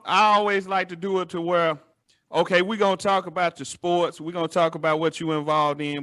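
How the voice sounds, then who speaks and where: A man's voice: on the high side, sharp tone. A man with a Southern American accent hosting a talk show, speaking earnestly and conversationally. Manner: earnest, conversational, preachy asides. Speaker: show host. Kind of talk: casual interview conversation.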